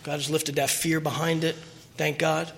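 A man's voice: a little high, flat delivery, moderate pace, creaky, a bit bright, slight background noise. A middle-aged man telling his personal recovery story at a meeting, earnest and emotional, rambling with restarts.

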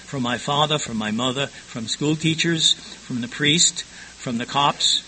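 A man's voice: medium pitch, measured pace, bright, forceful tone, slight background noise, poor audio. An older man frankly recounting his past in a rambling personal testimony, often stumbling and repeating words.

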